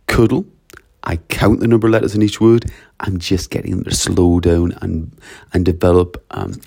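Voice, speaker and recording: Geordie man, teacher type, deep gravelly voice, mellow tone, emphatic list-by-list explainer. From North East England. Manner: emphatic, runs through lists in a brisk, repetitive way. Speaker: language teacher. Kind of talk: casual explanatory monologue.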